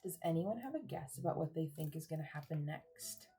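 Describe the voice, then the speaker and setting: A young teacher reads a picture book aloud to her class, her husky voice swinging up and down with a lively sing-song. She leans into the rhythm of the rhymes and stops now and then to quiz the children. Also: deep voice, fairly quick. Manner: rhythmic, expressive, asks the kids questions. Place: cozy room at home.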